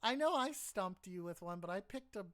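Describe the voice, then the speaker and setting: A woman's voice: mid-range voice, expressive, normal speed, crowd noise. Playful woman hosting a stream chat. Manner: playful, teasing, laughs easily. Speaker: stream host interviewing a guest. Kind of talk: casual live-stream chat.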